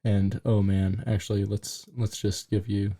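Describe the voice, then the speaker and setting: A man's voice: fairly low pitch, little pitch movement, unhurried, dark tone. A man co-hosting a podcast in casual chat, talking in a loose, filler-heavy way and joking crudely. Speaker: podcast co-host.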